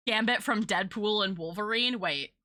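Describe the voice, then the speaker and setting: A woman's voice: mid-range voice, sharp tone. A young woman streamer chatting casually with her viewers, rambling and filling her talk with "like" and "uh". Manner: chatty, rambling, filler-heavy.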